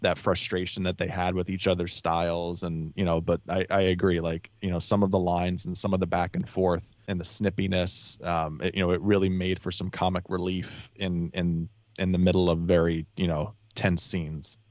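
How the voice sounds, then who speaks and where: A man's voice: deep voice, little pitch movement, normal speed, few pauses, a little mellow, no room sound, highs cut off. A man talking as a podcast guest in a casual chat, rambling with many restarts and fillers.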